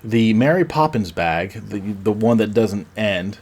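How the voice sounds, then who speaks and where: Man, slightly low voice, podcast host, casual rambling recap, self-correcting. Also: lively intonation, measured pace, a little mellow. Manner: rambling, acts out quotes with filler words and self-corrections. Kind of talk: casual movie review recap.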